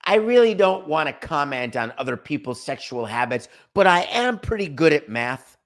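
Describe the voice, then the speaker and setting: A man's voice: on the high side, big pitch swings, moderate pace. A middle-aged man hosting a sports talk show, ranting in an opinionated, sarcastic monologue. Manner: sarcastic, emphatic, rants with mock quotes.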